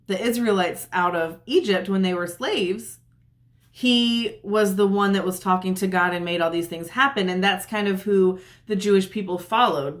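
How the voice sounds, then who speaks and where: A woman retelling a Bible story in a chatty, casual way, often saying "like" and acting out what the characters say. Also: fairly low pitch. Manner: chatty, uses "like" often, acts out quotes. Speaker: Bible teacher.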